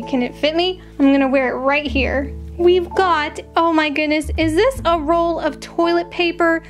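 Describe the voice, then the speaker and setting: Very high-voiced gushing young woman. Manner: gushing, excitable, exclaims often. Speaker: vlogger opening fan mail. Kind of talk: casual unboxing chat.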